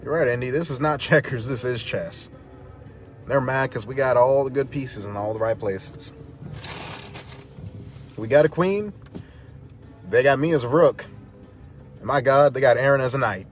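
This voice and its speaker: A man's voice: medium pitch, moderate pace, long pauses, faint music behind. A man speaking as a protest activist, fiery and defiant, hammering points home through repetition. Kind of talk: impassioned direct-to-camera talk.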